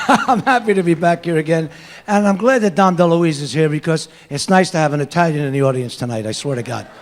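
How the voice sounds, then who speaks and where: A man's voice: a little high, brisk. A man with a Brooklyn accent doing stand-up comedy as emcee on an auditorium stage, brash and joking. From Brooklyn, New York. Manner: brash, joking, repeats himself.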